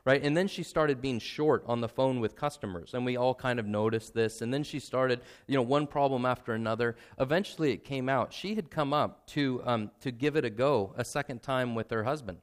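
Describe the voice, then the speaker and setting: An earnest man preaching to a congregation, speaking at a middle pitch. He talks conversationally, tossing in quick asides to his listeners, and his voice grows emotional, almost tearful, as he opens up. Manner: conversational, with frequent "right?" asides and repetition. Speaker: pastor. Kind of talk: sermon.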